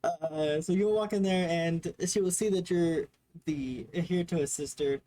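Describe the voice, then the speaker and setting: A man's voice: fairly high pitch, unhurried, warm tone, poor audio. Hesitant male game master narrating. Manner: hesitant, many fillers.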